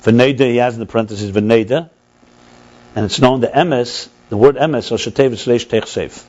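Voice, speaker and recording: A man leads a text study class as a rabbi. His pitch is mid-range and his delivery is animated, with frequent restarts and Hebrew terms. The recording sounds a little muffled. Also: moderate pace.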